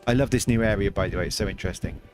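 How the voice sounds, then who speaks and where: A man's voice: on the low side, very fast, a little mellow, soft background music. A man hosting a casual game livestream, chatting loosely and answering viewers' chat as he plays. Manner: chatty, reads chat aloud, rambling with restarts. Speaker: livestream host.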